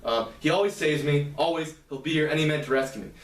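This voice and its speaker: A man's voice: fairly high pitch, fast talker, lightly acted. Dude reading as a wounded girl, defiant and desperate, echoey and far off. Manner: plain read-aloud quoting. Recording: roomy, distant mic.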